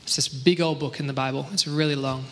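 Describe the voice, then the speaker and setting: A man leading a casual Bible teaching discussion, relaxed and joking as he reads scripture aloud. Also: medium pitch, quick pace, big-room sound, a little hiss or hum. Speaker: church teacher.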